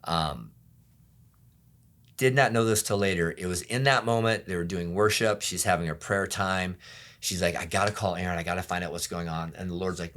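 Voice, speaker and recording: A middle-aged pastor telling his own story in an interview, candid and often quiet, acting out the voices of people around him. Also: low-pitched, normal speed. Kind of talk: personal testimony interview.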